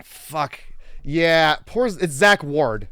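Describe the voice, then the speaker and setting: Lively, laughing podcast co-host. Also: male voice, fairly high pitch, takes it slowly, clean tone, no room sound, studio quality. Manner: animated, laughs often, puts on silly voices. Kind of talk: casual chat.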